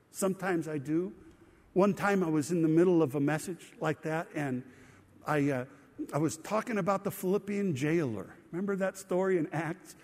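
Guy pastor preaching, kinda high voice, chatty with lots of tangents, long church echo. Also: darkish tone. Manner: conversational preaching with tangents and questions to the congregation. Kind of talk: sermon. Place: church sanctuary.

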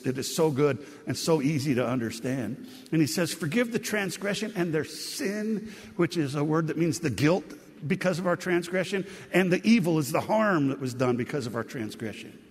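Husky-voiced pastor preaching in a reverberant hall. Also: male voice, a little high, expressive, moderate pace, few pauses. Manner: earnest, conversational preaching with heartfelt emphasis. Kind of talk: sermon.

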